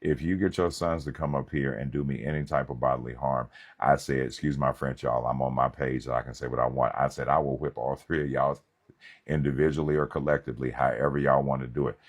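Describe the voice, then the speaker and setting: A male pastor preaching a sermon. He tells stories in a lively, conversational way, with humour. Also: a bass voice, brisk, slightly rough. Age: young adult. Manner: animated, conversational, humorous preaching. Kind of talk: sermon with storytelling.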